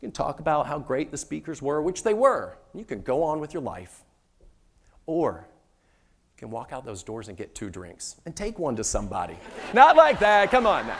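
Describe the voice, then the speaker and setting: A man giving an inspirational stage talk to an audience, joking with the crowd and turning hushed and tender when telling a story. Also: fairly high pitch, very animated, moderate pace. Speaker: motivational speaker, former sports mascot performer.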